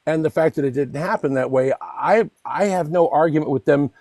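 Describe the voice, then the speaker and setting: A man's voice: a little high, a little fast, darkish tone, no room sound, clean studio sound. A man who is a guest on a livestream, telling stories in a rambling way, laughing through them and often restarting. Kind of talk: casual storytelling.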